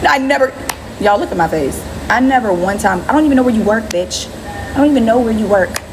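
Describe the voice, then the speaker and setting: A woman's voice: on the high side, animated, quick pace, background noise. A woman hosting her own livestream, ranting bluntly and scornfully at a commenter, repeating herself over and over. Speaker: livestream host. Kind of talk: ranting livestream talk to viewers. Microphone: phone.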